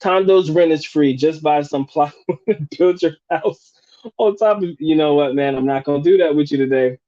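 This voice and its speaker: A man's voice: fairly high pitch, moderate pace, mellow, dull audio. A man hosting a live stream, chatting casually and profanely, restarting and rephrasing as he goes. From United States.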